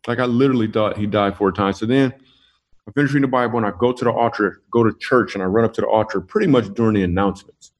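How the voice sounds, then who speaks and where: A man with a fairly low voice recounts his own stories in a relaxed interview. He is animated and jokey, and he laughs along with his own punchlines as he goes. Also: quick pace. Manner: animated storyteller, laughs through his jokes. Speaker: comedian guest. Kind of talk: casual interview storytelling.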